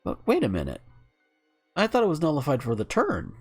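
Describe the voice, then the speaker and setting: Lively man streaming games. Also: fairly high pitch, fairly quick, breathy edge, faint music behind. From Southern US. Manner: animated, swears and laughs at the game. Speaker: game streamer. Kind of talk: live gameplay commentary.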